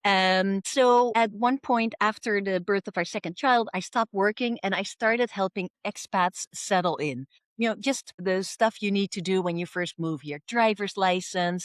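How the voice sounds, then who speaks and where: A woman, a communication coach speaking lively as a podcast guest. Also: lowish voice, no room sound, studio quality. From Netherlands. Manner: lively, acts out quoted voices. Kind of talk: podcast interview.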